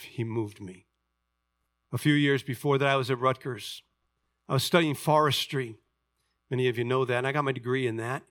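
A man in his sixties, a pastor, preaching a sermon and telling personal stories, moving between loud emphatic reading and quiet confiding asides. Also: medium pitch, moderate pace, long pauses, dry recording, studio quality. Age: 60s.

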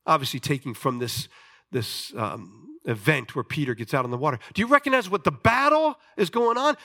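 A man preaching a sermon, telling a story with animated delivery and questions to his listeners. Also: on the high side, fairly quick. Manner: animated storytelling, acting out voices, asks the audience questions.

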